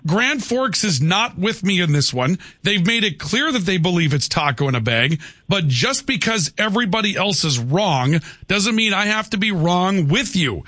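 A man hosts a radio talk show from a dry, close-miked studio, his voice sitting a bit high for a man. He argues his case with stubborn, deadpan persistence and doesn't give ground. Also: normal speed, hardly any pauses, dry recording. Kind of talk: call-in radio banter. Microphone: studio microphone.

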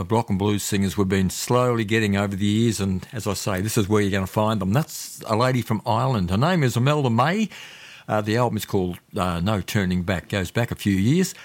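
An older man, hosting a radio music show in a chatty, rambling way with lots of "uh" fillers. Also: lowish voice. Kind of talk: casual radio music presenting.

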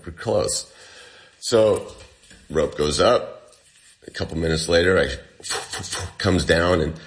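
A man with a very deep voice tells his story as an interview guest. He talks in a loose, casual way, full of fillers, and his pace shifts between rushed and drawn out. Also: fairly bright tone. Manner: casual storytelling, many fillers, speeds up and slows down. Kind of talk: recounting a personal ordeal.

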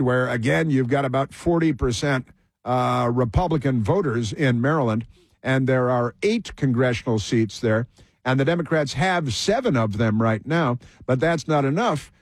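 Male talk host, husky voice, sarcastic, rambling, dry close sound. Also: mid-range voice, dry recording. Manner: sarcastic, rambling, with frequent restarts and fillers. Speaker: political talk show host. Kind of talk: opinionated political commentary.

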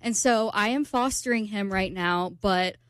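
A woman, co-hosting a radio show in an animated, chatty storytelling way. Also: medium pitch, normal speed, smooth, dry recording. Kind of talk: casual chat.

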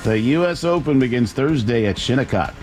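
A man reporting a sports news roundup, reading scores in a brisk, clipped way. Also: mid-range voice, animated, darkish tone, soft background music.

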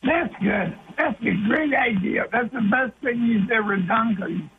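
High-pitched male caller on a phone line. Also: measured pace, vocal fry, slightly rough. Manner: brash, blunt sports opinions. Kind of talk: casual radio call-in chat. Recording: tinny phone line with faint noise.

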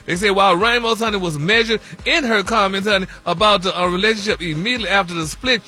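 A man with a high-pitched, sharp voice and quick pace hosts celebrity news on a radio show. It's gossipy, casual talk radio, and he's sassy, calling everyone "honey" and "y'all."

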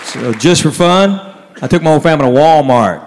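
Wry storytelling comic over crowd laughter. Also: male voice, on the high side, lively intonation, big-room sound. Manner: drawn-out, wry delivery with punchlines. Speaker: stand-up comedian. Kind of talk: stand-up storytelling. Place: comedy stage before a live audience. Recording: noisy live show with crowd laughter. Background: audience laughing.

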